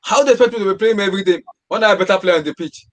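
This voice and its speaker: A man's voice: high voice, very fast, a bit bright. A man co-hosting a casual football podcast, emphatic and repeating his points for stress.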